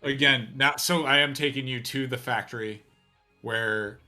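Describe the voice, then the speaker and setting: A man's voice: medium pitch, steady tone, normal speed, sharp tone, faint music behind. A male interviewer asking players long-winded questions full of ums after a match.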